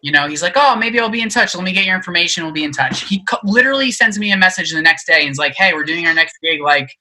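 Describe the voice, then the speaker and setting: A young musician, appearing as a podcast guest, tells a story in casual chat, packing it with fillers and acting out the voices of the people involved. His voice is on the high side and quick, and the recording is low quality.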